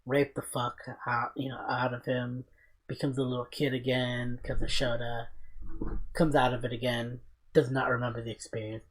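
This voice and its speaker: A man hosting a casual podcast, telling stories in an excited, profane, rambling way. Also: medium pitch, moderate pace. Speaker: podcast host.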